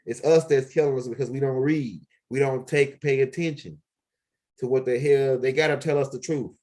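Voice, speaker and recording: A man's voice: medium pitch, fairly even intonation, moderate pace, a little mellow. Profane, rambling man vlogging at home. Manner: loose, profane street talk with many fillers. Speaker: video blogger. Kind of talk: casual rambling monologue. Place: at home, walking around the house and backyard.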